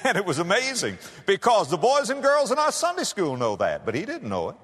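Male preacher with a lively, rising-and-falling delivery and a long hall echo. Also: medium pitch. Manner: dramatic, with big swings between soaring and hushed phrases; slow, drawn-out emphasis on key words. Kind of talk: sermon. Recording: long reverb of a large hall.

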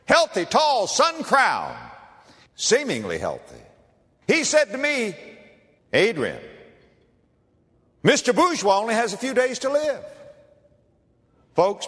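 A man preaching a sermon as pastor, dramatic, swinging between ringing emphasis and hushed tones. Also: medium pitch. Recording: reverberant hall.

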